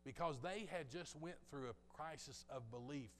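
A man preaching a sermon, telling a story with passion and swinging between loud bursts and hushed asides. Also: a little high, moderate pace, slight background noise. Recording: long reverb of a large hall.

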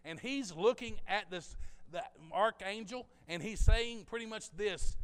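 Here a man with a high, fairly bright voice preaches at an unhurried pace, joking and chatting with his church congregation and dropping in asides. The sanctuary gives a long hall reverb, and a little hiss or hum is audible.

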